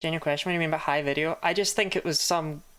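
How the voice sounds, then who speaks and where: A woman's voice: low-pitched, fairly even intonation, very fast, a bit bright, clear, resonant tone. A woman chatting casually while streaming a game, laughing often and swearing now and then. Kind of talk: casual live-stream commentary.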